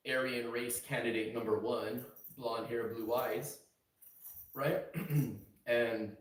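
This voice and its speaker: A man's voice: mid-range voice, reverberant, far from the mic, low-quality recording. A young man streaming late at night from a house, rambling casually and swearing in a laid-back way.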